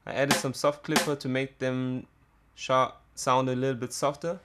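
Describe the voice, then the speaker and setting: A man teaching a music production tutorial, talking in a halting way with many fillers and restarts. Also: mid-range voice, little pitch movement. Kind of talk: screen-recorded software tutorial.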